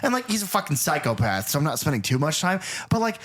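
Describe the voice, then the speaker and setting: A man co-hosting a podcast, chatting casually and animatedly about a horror film, swearing freely and slipping into quick impressions. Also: on the high side. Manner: animated, swearing, mimics characters. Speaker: podcast co-host.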